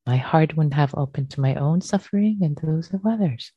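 A woman giving a gentle dharma talk as a meditation teacher, repeating phrases softly. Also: low-pitched, normal speed, slightly rough, dry recording, dull audio.

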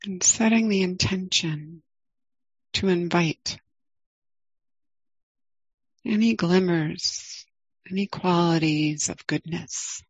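A middle-aged woman leading a guided meditation, speaking calmly and gently with long pauses. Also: fairly low pitch, slightly rough, no room sound, muffled recording. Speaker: meditation teacher.

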